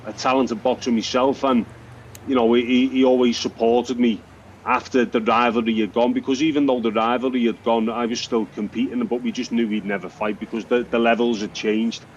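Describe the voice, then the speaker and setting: A former boxer acting as a radio pundit, speaking in a halting, thoughtful way with many restarts. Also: male voice, medium pitch, little pitch movement, a little hiss or hum. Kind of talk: radio sports chat. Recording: dull broadcast audio.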